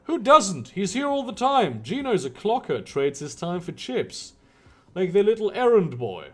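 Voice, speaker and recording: Slick, pushy chip dealer in a game, lively high patter, read by a man. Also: a little slow, full character voice. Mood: matter-of-fact. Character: pushy street dealer man hawking chips.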